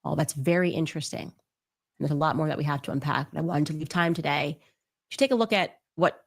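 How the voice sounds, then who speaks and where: Woman commentator, lower voice, emphatic podcast delivery full of pointed questions. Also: fairly quick, creaky.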